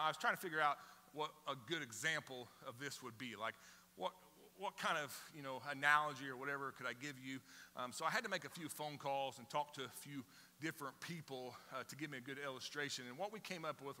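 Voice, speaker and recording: A middle-aged man preaching a sermon to his church, conversational and animated, acting out little scenes as he goes. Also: a little high, long reverb tail. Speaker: pastor. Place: church sanctuary with congregation.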